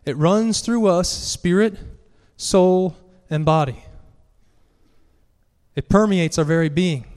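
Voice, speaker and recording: A man's voice: on the high side, a little mellow. A man delivers a sermon in a slightly raised voice that carries an earnest, pressing tone. He climbs in force as he reads scripture aloud. His words ring out with a long hall reverb behind them. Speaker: preacher.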